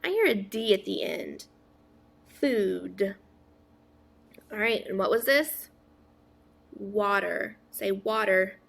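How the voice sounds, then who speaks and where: A woman teaching a phonics lesson to young children, sounding out words slowly, asking questions and praising answers. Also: mid-range voice, animated, creaky, a bit bright. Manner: stretches out sounds, asks and praises an imagined class.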